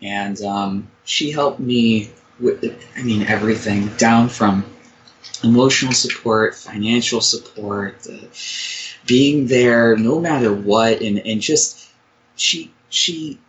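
A man in his twenties calling in, speaking hesitantly with many pauses and "um"s. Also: mid-range voice, lo-fi sound. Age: 20s. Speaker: caller. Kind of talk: call-in conversation.

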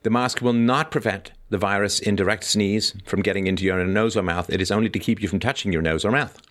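A man's voice: fairly low pitch, fairly quick, a bit bright. A middle-aged man hosting a live stream, reading out advice and breaking off into chatty joking asides. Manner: chatty, joking asides between read-out points. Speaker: podcast host.

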